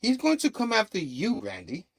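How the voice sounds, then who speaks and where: A man's voice: sits high, wildly swooping pitch, normal speed, fairly bright tone, voice pushed up, exaggerated voice. A man reading a frightened young woman's lines with urgency in his own voice. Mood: urgent. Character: scared young woman, crime boss's daughter.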